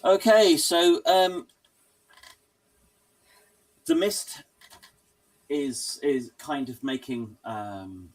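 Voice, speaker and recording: A man narrating as game master of a tabletop game, hesitant and full of pauses and restarts. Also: on the high side, sing-song, distant mic.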